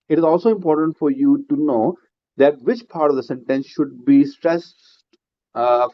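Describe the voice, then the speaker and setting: A man teaching a speaking-exam class, explaining step by step with "uh" fillers and frequent "right?" checks. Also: fairly high pitch. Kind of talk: classroom lecture. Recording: slightly dull lo-fi recording.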